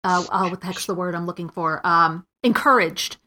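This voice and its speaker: A woman co-hosting a podcast in casual chat, blunt and halting while searching for words. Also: fairly low pitch, bright, forceful tone. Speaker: podcast co-host.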